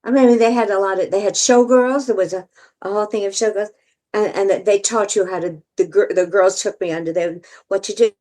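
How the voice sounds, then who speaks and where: An older woman entertainer telling stories as a guest, lively and theatrical, often laughing. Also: medium pitch, fairly quick. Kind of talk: storytelling interview.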